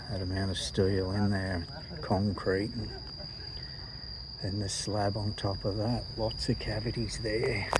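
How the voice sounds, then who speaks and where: A man's voice: sits low, background noise. A man with an Australian accent chatting casually to camera in a vlog, blunt and slangy, swearing freely. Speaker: vlogger.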